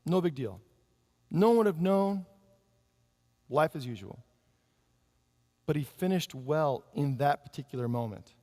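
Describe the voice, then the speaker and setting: A man preaching in a lively storytelling way, slipping into the voices of the people in his story. His voice sits a little high and has a gravelly edge. It carries a long reverb, as if from a big hall. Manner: animated storytelling, acting out the characters. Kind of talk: storytelling sermon.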